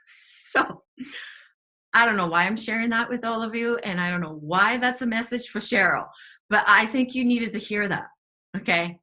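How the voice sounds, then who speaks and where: A woman co-hosting a spiritual talk show, telling stories in a chatty, animated way. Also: a little high, normal speed. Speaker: podcast co-host, teacher.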